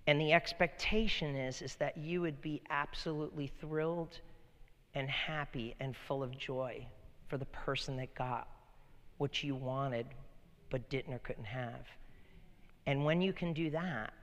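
A man's voice: medium pitch, unhurried. Man preaching in a reverberant hall. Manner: preaching, swinging from loud emphatic bursts to quiet intimate talk. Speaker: pastor. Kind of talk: sermon.

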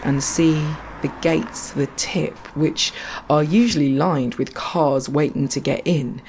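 Woman, unhurried spoken-word storytelling, wry asides, faint outdoor hiss behind. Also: deep voice, darkish tone. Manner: slow, poetic and wry, with asides. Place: outdoors, walking along a canal.

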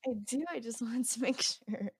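A young woman co-hosting a casual podcast, easygoing and quick to laugh. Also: fairly high pitch, slightly rough, dry recording. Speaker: podcast co-host. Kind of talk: casual chat.

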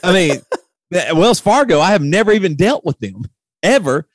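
This middle-aged man has a high-pitched voice, normal speed, and no echo on the recording. During casual conversation he retells a long tale in an animated way, and when he gets worked up his voice shoots up sharply.

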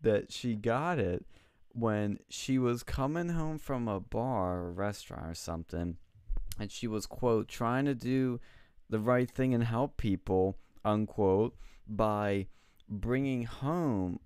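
Smooth-voiced young man telling stories. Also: fairly low pitch, slow pace, darkish tone, no room sound, studio quality. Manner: swearing storyteller who laughs a lot. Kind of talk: casual chat.

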